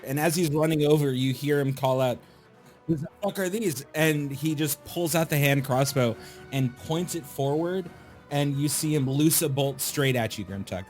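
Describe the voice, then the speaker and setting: A man narrating a tabletop game as game master, describing the scene slowly and addressing the players. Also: a little high, a little mellow, faint music behind. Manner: slow, descriptive narration with asides.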